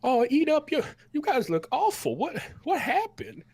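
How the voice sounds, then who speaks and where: A man's voice: very high-pitched, wildly swooping pitch, normal speed, a little mellow, dry recording, voice pushed up, full character voice. A man voicing a folksy older male cook who talks in country phrases, stammering and exclaiming. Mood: fussing folksy.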